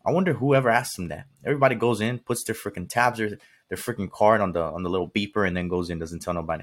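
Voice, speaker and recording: A man's voice: on the low side, fast, breathy edge. A man hosting a podcast, delivering a blunt motivational monologue straight to the listener, swearing casually and repeating himself for emphasis. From California. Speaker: podcast host.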